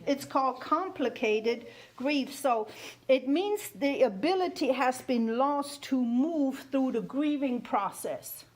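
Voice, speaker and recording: A woman's voice: high voice, expressive, takes it slowly. A woman in her fifties who learned English as a second language, talking through a topic in a conversational way, laughing often and checking whether you hear her. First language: not English. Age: 50s. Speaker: guest speaker on grief. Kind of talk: conversational teaching talk.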